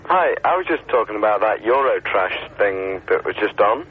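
A man calling a radio show from his bedroom, rambling and hesitant with many pauses. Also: lowish voice, lively intonation. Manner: rambling and hesitant, lots of ums. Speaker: caller. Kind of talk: casual phone chat. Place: bedroom at home. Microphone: telephone. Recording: tinny phone line with faint hiss.

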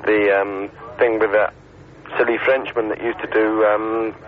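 A man calling a radio show from his bedroom, rambling and hesitant with many pauses. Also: on the low side, level tone. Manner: rambling and hesitant, lots of ums. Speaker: caller. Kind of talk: casual phone chat. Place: bedroom at home. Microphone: telephone. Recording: tinny phone line with faint hiss.

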